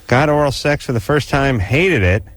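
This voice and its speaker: A man's voice: mid-range voice, lively intonation, normal speed, dry recording. A man hosting a late-night radio call-in show, joking and ribbing his guest. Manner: joking, wisecracking. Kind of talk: casual radio talk.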